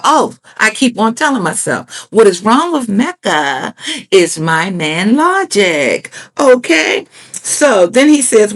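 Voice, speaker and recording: A woman reviewing a reality TV show in casual commentary, sassy and blunt, swearing freely and jumping up in pitch when she gets outraged. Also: unhurried. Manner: animated, jumps high in pitch when outraged.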